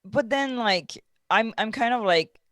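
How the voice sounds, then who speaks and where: A woman's voice: on the high side, lively intonation, a little slow, fairly bright tone, dry recording, clean studio sound. A young French woman with a French accent, co-hosting a casual podcast review, tired and scatterbrained, full of fillers and restarts. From France. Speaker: podcast co-host.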